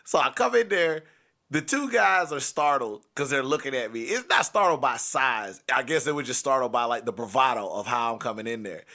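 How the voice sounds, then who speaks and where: A young man doing stand-up storytelling, animated and switching into loud, angry put-on rants. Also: mid-range voice, fairly quick. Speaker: comedian telling a story.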